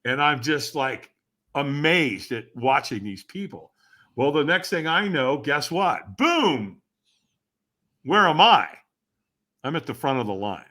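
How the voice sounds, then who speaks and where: Animated, bright-voiced male storyteller. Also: medium pitch, measured pace. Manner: dramatic, acts out quoted voices and shouts. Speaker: podcast guest.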